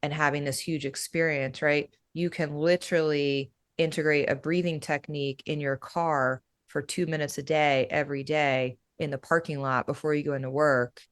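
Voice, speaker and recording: Low smooth-voiced woman explaining casually. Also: normal speed, hardly any pauses. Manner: relaxed, loose, full of "you know" and "right?". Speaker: breathwork facilitator, guest.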